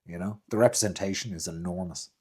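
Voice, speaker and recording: A man's voice: sits low, fast, dark tone, slightly rough. A young man with an Irish accent chatting casually on a couple's vlog, joking and restarting his sentences. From Ireland. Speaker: vlog guest, the host's boyfriend. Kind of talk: casual chat.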